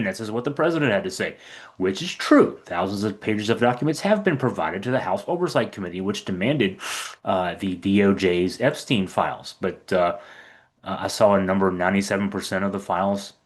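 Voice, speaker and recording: A man's voice: deep voice, lively intonation, fairly quick. A middle-aged man giving casual political commentary, chatty and sarcastic, with many fillers.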